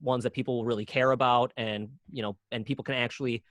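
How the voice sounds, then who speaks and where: Filmmaker guest, a man of middle pitch, rambling, self-correcting delivery, dry close sound. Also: fairly even intonation, fast talker, fairly bright tone, dry recording. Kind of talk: casual interview chat.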